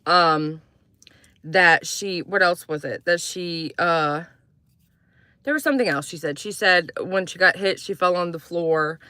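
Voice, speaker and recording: A woman talking loosely and at length on a livestream, her voice bright and forward with a touch of tension. She drifts from one thought to the next and stops to answer comments from viewers. The sound is close and dry, with no room echo. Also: lowish voice, a little slow, smooth. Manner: rambling, chatty, reads out viewer comments. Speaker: livestream host. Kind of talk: casual livestream chat.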